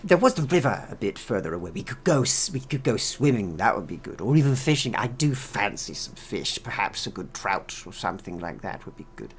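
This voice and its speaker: A man voicing a genteel, drunken gentleman outlaw who talks politely and rambles. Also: lowish voice, sing-song, brisk, few pauses, a little hiss or hum.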